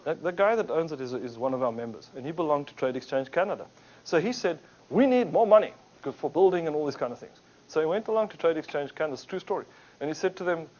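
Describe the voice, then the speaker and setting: A lively man with a fairly high voice tells business stories at a talk, animatedly acting out the quotes as he goes. The recording is dull and lo-fi.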